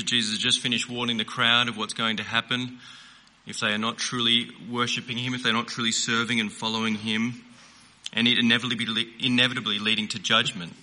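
Bright-voiced earnest male preacher. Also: on the low side. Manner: earnest, emphatic preaching with slowed stressed phrases. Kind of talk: sermon.

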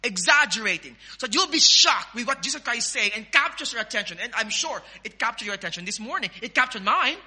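A man with a Filipino accent preaching a sermon as pastor, emphatic, with sudden loud rises. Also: extremely high pitch, animated, quick pace, few pauses, breathy edge.

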